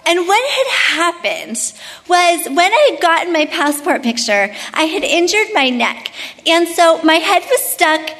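A woman's voice: extremely high pitch, big pitch swings, unhurried, a bit bright, long reverb tail. A woman leading a Bible study, mixing chatty personal stories into devotional teaching, with many fillers. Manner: chatty, storytelling, frequent "like".

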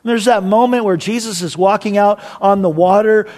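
A man's voice: high-pitched, a little fast, a little mellow. A man as pastor, giving a conversational, storytelling sermon to a church. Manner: conversational, storytelling, acts out quoted voices.

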